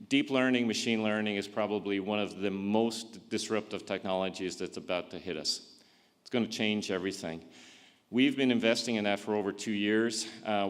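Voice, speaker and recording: A man giving a conference talk in a hall, often restarting and repeating words as he thinks aloud. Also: lowish voice. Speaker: conference speaker.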